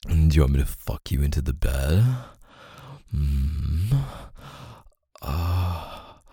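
Deep gravelly man, hushed intimate role-play. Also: takes it slowly, no room sound. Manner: murmured, often whispered, with frequent moans and groans. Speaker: audio role-play performer.

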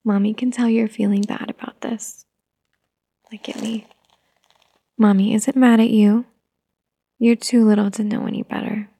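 A woman playing a gentle, patient young mother who softly coaxes her toddler, in a whispered role-play. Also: medium pitch, level tone, normal speed, long pauses, slightly rough, dry recording. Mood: soothing. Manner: soft, coaxing, motherly.

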